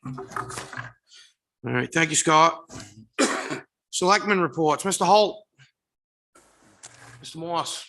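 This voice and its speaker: A man chairing a town board meeting, brisk and procedural as he moves through motions and reports. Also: on the high side, animated, pushed and bright.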